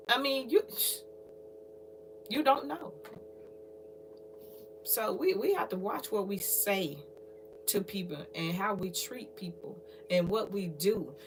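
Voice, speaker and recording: A woman's voice: fairly high pitch, vocal fry, a little hiss or hum. A middle-aged woman, talking casually to her livestream viewers and lecturing them in a repetitive, preachy way. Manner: preachy, lively, repetitive, talks straight to viewers. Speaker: livestream host.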